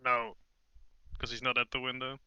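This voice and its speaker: A man playing in a tabletop game, deadpan and dry in his delivery. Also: mid-range voice, normal speed, clear, resonant tone, no echo, highs cut off. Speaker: player. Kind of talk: casual tabletop role-play.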